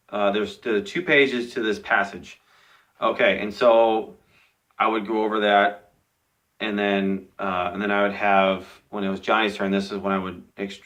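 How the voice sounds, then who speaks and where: A young male teacher with a bright, clear tone walks a class through partner reading rules. He talks patiently, repeats himself often and keeps checking in with an easy "okay.". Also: medium pitch. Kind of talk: modeling classroom instructions to young students.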